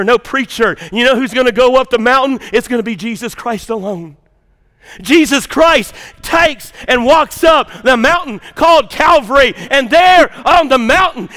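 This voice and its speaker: High-pitched preacher. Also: male voice. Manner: swings from quiet asides to shouted preaching. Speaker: pastor. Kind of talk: sermon. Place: church sanctuary.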